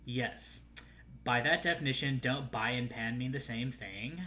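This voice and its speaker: Snarky male co-host, bright tone, laughs a lot, reads chat aloud. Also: medium pitch, unhurried. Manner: sarcastic, laughs often, reads comments aloud.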